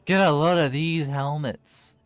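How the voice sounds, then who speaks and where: A man's voice: on the high side, steady tone, unhurried, clean tone, no echo, faint music behind. A man in casual gaming chat, rambling and laughing, with many fillers as he plays. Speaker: game streamer.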